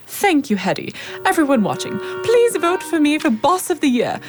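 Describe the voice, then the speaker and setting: A woman's voice: sits high, very animated, normal speed, over music. An actress playing a pompous, self-important woman who runs a construction company, in a children's radio drama. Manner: bossy, self-important, showy. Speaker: company manager.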